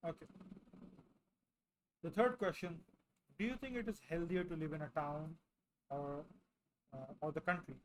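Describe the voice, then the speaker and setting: Slow, deliberate male English tutor. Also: a little high, slight background noise, rough recording. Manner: slow, deliberate delivery with frequent "right?" tags. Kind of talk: explaining and demonstrating speaking answers.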